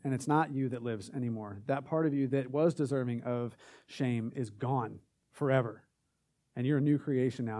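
Speaking warmly at medium pitch, a young man delivers a casual sermon to a gathering. Sincere and conversational, he leans heavily on "like" as a filler, and his energy rises as he moves through a series of affirmations.

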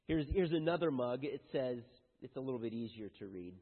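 A man reading humorous cards aloud to a congregation in a light-hearted way, stumbling over words now and then. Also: medium pitch. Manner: jokey, halting reader who stumbles over words. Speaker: speaker reading Mother's Day cards to an audience. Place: large hall with house lights. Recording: echoey hall on a thin phone-like line.

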